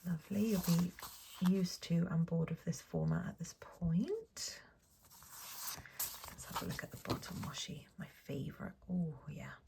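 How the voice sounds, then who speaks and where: A young Englishwoman chatting through a planner sticker haul, gushing and saying um a lot, often dropping to a soft whisper. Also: fairly low pitch, expressive, measured pace, vocal fry. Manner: chatty, gushing, frequent ums and apologies. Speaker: planner vlogger. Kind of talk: casual sticker haul voice-over.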